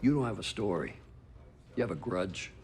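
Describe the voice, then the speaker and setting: A man's voice: on the low side, expressive, normal speed, background noise. An actor playing an angry male colleague, scolding in a film scene.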